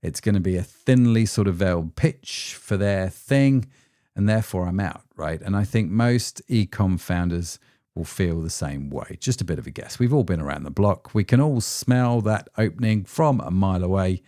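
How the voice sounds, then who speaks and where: A man's voice: low-pitched, expressive, moderate pace, dark tone, dry recording, clean studio sound. A man hosting a solo podcast as an ecommerce founder, chatty and self-deprecating, with frequent rhetorical tag questions.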